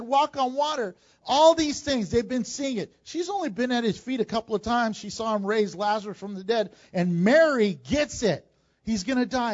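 Male pastor, high voice, animated sermon, dull lo-fi recording. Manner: animated, acts out Bible characters in quick asides. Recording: dull lo-fi sound.

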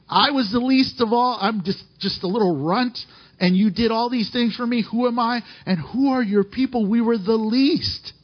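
A man preaching a sermon, reading scripture aloud and swinging between fervent highs and hushed, emotional lows. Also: dull audio. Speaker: pastor.

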